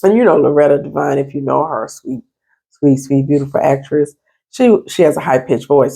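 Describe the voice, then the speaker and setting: A therapist speaks to her viewers from her apartment in a stern, emphatic way. Her voice is fairly low, dark and husky. Her pitch swings widely as she presses each point home. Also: lively intonation, a little fast. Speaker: therapist and life coach. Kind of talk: casual advice vlog.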